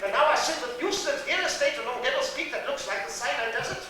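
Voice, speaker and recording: A man's voice: very high voice, fast talker, heavy background noise. A man playing a sardonic old refugee landlord. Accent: Yiddish-inflected English. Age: older. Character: elderly male European-born refugee landlord, cynical and scheming. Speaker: stage character in a monologue. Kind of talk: theatre monologue. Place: theatre stage before a laughing audience. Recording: distant, echoey theatre stage recording.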